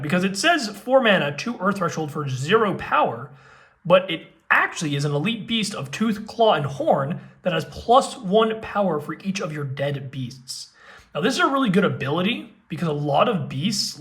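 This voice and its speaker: A man hosting a casual card-game unboxing, excitable and gushing, with frequent exclamations. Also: fairly high pitch, creaky.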